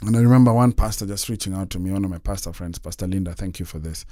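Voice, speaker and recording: A man with a low voice hosts a conversation in a podcast studio. He speaks earnestly and reflectively, stumbling over restarts now and then, and the recording is close and dry. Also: very fast, dark tone, no echo. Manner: earnest and reflective, with stammered restarts and playful teasing. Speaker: podcast host. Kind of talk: casual conversation.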